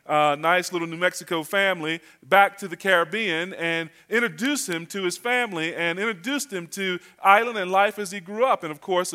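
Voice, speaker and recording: High-sitting with a sharp tone, this man's voice comes from a North Carolina guest pastor in church. His sermon is chatty and folksy, built around humorous storytelling.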